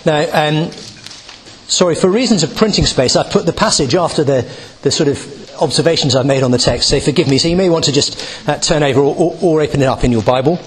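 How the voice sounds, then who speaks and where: A man's voice: on the high side, brisk. A man giving a Bible teaching talk, reading a passage and explaining it with many restarts and asides. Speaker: preacher.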